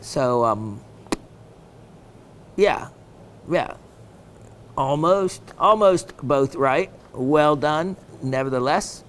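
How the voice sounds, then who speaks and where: A man's voice: a little high, animated, extremely slow, pauses often. A man hosting a gem shopping show, chatting casually and reading viewer messages aloud, with plenty of ums and uhs.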